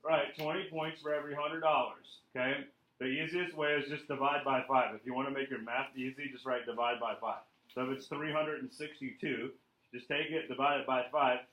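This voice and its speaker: A man coaching a room of salespeople at a training seminar, energetic and checking in often with his listeners. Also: mid-range voice, brisk, roomy sound, recorded from a distance, low-quality recording.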